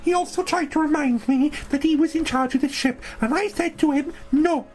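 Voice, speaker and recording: High-voiced woman telling a brash comic tale. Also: fairly quick, darkish tone, low-quality recording. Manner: brash, boastful, rambling. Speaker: storyteller. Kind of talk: comic audio-story narration in character.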